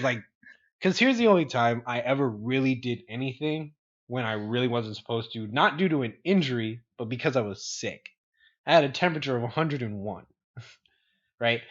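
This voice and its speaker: A young man in casual chat, spinning long rambling stories with easy swearing and frequent laughter. His pitch sits mid-range for a man. The recording sounds slightly muffled, like a home podcast. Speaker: podcast co-host.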